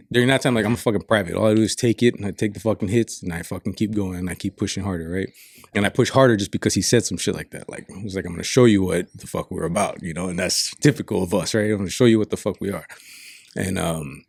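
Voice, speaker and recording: A man's voice: low voice, vocal fry, slightly rough, no room sound, clean studio sound. A man from Saipan telling stories in a casual chat, frank and reflective, swearing often. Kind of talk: casual storytelling.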